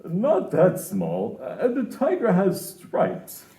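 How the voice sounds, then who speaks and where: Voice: mid-range voice, wildly swooping pitch, slow pace, dark tone, roomy sound. Someone voicing a skeptical animal in a storybook read-aloud, teasing and scoffing at a mouse.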